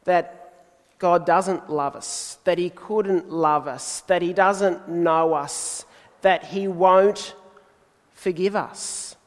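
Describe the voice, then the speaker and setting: A man preaching a sermon in a measured, deliberate way, pausing for emphasis. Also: sits high, in a large hall.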